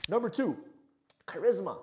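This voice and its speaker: A man giving a motivational sales talk to camera, energetic and gesturing, often checking in with "right?". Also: high voice, normal speed, background noise. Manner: energetic, animated delivery with frequent "right?" check-ins; moves hands and body while talking. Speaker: sales trainer.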